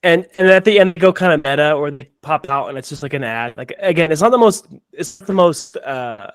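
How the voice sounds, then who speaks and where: A man hosting a casual podcast, talking in a rambling, animated way with many restarts. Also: a little high, a little fast, clean tone, no echo. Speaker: podcast host reviewing ads. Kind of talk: casual chat.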